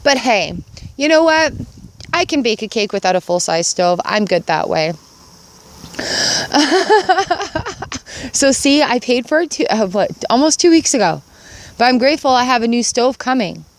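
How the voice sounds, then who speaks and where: A woman's voice: fairly high pitch, big pitch swings, normal speed. A middle-aged woman talking earnestly and upbeat in a casual gratitude vlog, recorded outdoors in her yard. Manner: earnest, upbeat, repeats phrases for emphasis. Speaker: vlogger.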